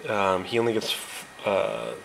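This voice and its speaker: A young man, an exchange student vlogger, chats casually in a rambling video diary. His voice is deep and gravelly, very animated yet measured in pace. The room is echoey, with faint noise.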